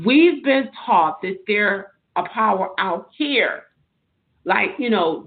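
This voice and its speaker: A woman guest in an interview, earnestly telling spiritual personal stories in long, loose anecdotes. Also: medium pitch. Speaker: podcast guest. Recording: narrow phone-like sound.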